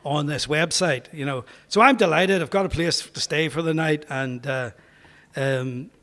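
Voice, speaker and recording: Speaking a little slowly in a fairly high, sharp-toned voice, a Northern Irish pastor recounts a comic story to an audience. It's chatty and anecdotal, with quoted voices acted out, and the parish hall echoes around him.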